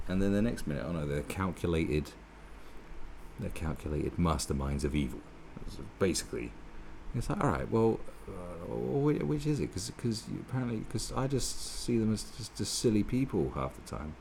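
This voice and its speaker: A man's voice: low voice, lively intonation, normal speed, gravelly, darkish tone, a little hiss or hum. A man giving a sweary, sarcastic, rambling political rant with many restarts. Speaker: political commentator. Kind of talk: ranting monologue.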